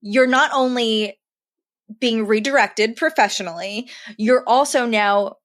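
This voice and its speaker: A woman's voice: on the high side, a little slow. A woman hosting a podcast interview, asking empathetic, chatty questions. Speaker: podcast host.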